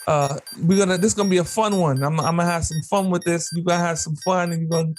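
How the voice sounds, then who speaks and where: A man co-hosting a podcast, running a quick quiz game in a playful, joking way and laughing often. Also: a little high, steady tone, soft background music. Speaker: podcast co-host. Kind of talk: casual chat, quiz game.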